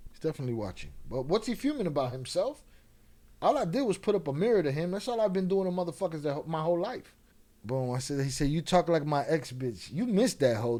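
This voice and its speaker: A man's voice: a little high, darkish tone. A man hosting his own channel, delivering an angry, profane, taunting commentary rant at a rival. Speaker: channel host.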